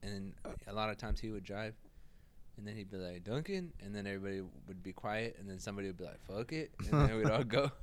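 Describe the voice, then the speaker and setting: A man's voice: fairly low pitch, fairly even intonation, fast talker, clear, resonant tone. A young man in casual chat with friends, teasing and laughing often as he tells stories.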